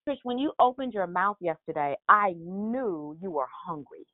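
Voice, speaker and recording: Woman prayer-call leader, animated preacher on a phone line. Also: fairly low pitch, moderate pace, dry recording. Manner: animated storytelling, acting out her own cries for help.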